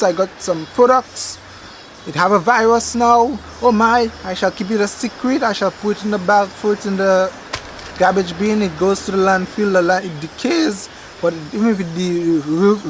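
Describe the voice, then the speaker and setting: A high-pitched man with a Dominican accent rambles to camera as the host of a gardening vlog, telling stories in an animated way. His voice rides over a faint outdoor hum with vehicles now and then. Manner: rambling, animated storytelling with dramatic outbursts. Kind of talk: casual chat to camera.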